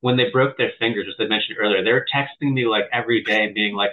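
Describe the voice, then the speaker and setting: A man hosts a podcast in a loose, upbeat, joking way. His voice sits low. The sound is narrow and tinny, as if through a phone call. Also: quick pace. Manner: relaxed, enthusiastic and joking. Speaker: podcast host. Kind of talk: casual podcast chat.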